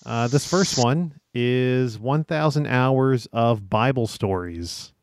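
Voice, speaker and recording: A man hosting a casual podcast chat, relaxed and laughing, organizing a group game. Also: mid-range voice, slow, a little hiss or hum. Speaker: podcast host.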